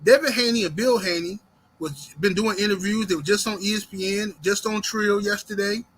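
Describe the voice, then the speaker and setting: A man's voice: high voice, normal speed, a bit bright. A man hosting boxing commentary, talking in a profane, fired-up rant full of rhetorical questions.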